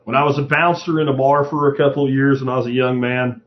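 A man's voice: medium pitch, steady tone, fast talker. A middle-aged man hosting his podcast in a casual, profane monologue, often acting out the voices of people he quotes. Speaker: podcast host. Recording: dull lo-fi podcast audio.

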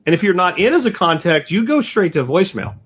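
A man's voice: sits high, sing-song, fast, slightly rough, lo-fi sound. A man talking in a blunt, rambling, profane way in a casual podcast chat.

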